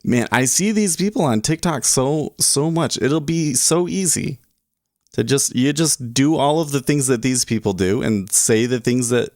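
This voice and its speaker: Male streamer, mid-pitched, casual and rambling, dry close mic. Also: measured pace, a little mellow, no echo. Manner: rambling, chuckling, reads chat aloud. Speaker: day trading livestream host. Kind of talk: casual livestream chat.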